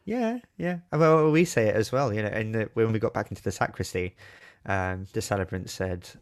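Guy cohosting a chatty podcast, a bit low-voiced, playful, acts out what people say. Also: a little fast, clean tone. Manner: playful, animated, acts out quotes. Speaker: podcast co-host. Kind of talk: casual chat.

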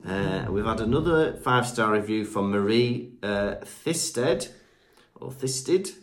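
A man's voice: on the low side, expressive, takes it slowly, a little hiss or hum. A man from Britain co-hosting a podcast, chatting casually and reading out listener reviews, joking and stumbling over names. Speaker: podcast co-host.

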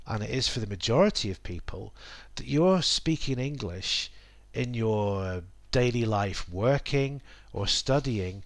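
A man hosting a solo educational podcast for English learners, talking in a measured, explanatory way with the odd "um". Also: on the low side, dry recording. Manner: measured, explanatory, with occasional ums. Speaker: podcast host teaching English. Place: based in the UK.

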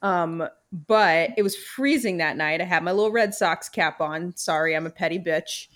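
Chatty young woman, animated storyteller. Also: on the low side, normal speed. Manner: animated storytelling, swears freely, many fillers. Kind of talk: casual chat.

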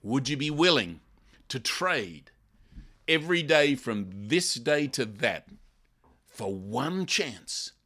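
An older man acting out a male warrior leader, shouting a passionate rallying speech to his troops. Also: medium pitch, slow, gravelly, pauses often, voice pushed up, full character voice.

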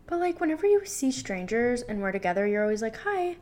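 A woman's voice: fairly high pitch, sing-song, fast talker, darkish tone. Chatty young woman podcast co-host. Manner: chatty, laughs often, lots of fillers. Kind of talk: casual chat.

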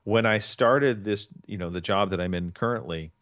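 A man with a lowish voice hosting a podcast, talking casually and rambling, circling back over his words. The sound is dry and a little dull. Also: moderate pace, a bit bright, no echo. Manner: rambling, restarts often. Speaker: podcast host. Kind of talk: casual chat.

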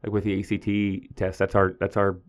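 A man, a high school teacher telling a story in a casual podcast monologue, acting out his students in a higher voice. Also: monotone, a little fast.

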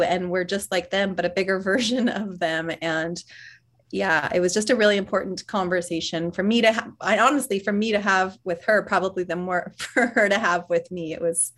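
A woman guest speaking earnestly and reflectively in an interview, laughing softly between thoughts. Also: mid-range voice, steady tone, moderate pace. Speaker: author and parent guest. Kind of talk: conversational interview.

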